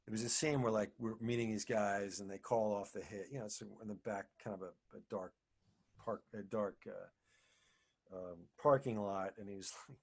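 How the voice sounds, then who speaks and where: A man being interviewed, telling long casual stories in a rambling, animated way full of restarts and fillers. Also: on the low side, unhurried, breathy edge. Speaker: actor and singer, guest.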